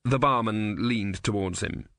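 A male narrator reads a comic novel in a dry, measured way. His voice is bright and forceful. It is recorded close and dry, with no room sound. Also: lowish voice, creaky, no room sound. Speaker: audiobook narrator. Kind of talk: scripted narration.

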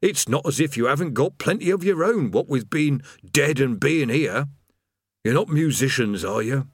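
A man's voice: mid-range voice, expressive, moderate pace, husky, no room sound, clean studio sound, voice pushed up. A man voicing a weary, put-upon male demon doorman of hell who grumbles mournfully, in an audiobook reading. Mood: mournful grumbling. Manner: grumbling, mournful, plain-spoken. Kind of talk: audiobook character voice.

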